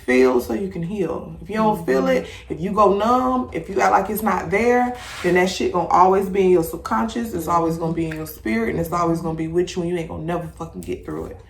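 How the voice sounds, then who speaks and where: Lowish woman ranting real blunt, swears a lot, roomy echo. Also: fast talker, few pauses. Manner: blunt, profane, animated storytelling. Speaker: podcast host. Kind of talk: casual chat. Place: home room with incense.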